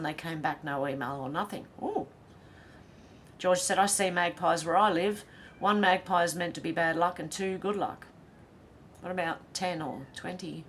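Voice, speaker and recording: A woman's voice: fairly low pitch, a little hiss or hum. Giggly Australian woman reading live chat. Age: middle-aged. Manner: reads viewer comments aloud, giggly, chatty asides. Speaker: livestream host. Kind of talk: casual livestream chat reading.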